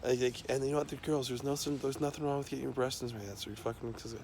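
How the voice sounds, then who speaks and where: A man's voice: medium pitch, steady tone, quick pace, a little mellow, slight background noise. A man talking in a loose, rambling monologue, swearing constantly and trailing off into fillers and restarts.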